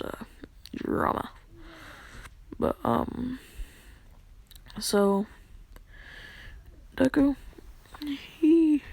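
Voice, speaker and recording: A woman's voice: a little high, gravelly, husky. A young woman casually telling a made-up fan story, rambling with lots of fillers.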